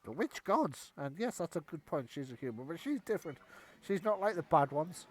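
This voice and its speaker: A man's voice: on the high side, big pitch swings, moderate pace, breathy edge. A man doing a rambling, distrustful goblin. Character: wary, rambling male goblin, small and grumbling.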